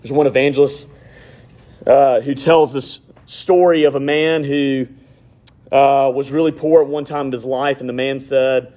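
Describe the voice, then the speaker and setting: A man preaching a sermon, rising to loud emphatic points and dropping to hushed, intimate near-whispers. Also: medium pitch, steady tone, a little slow.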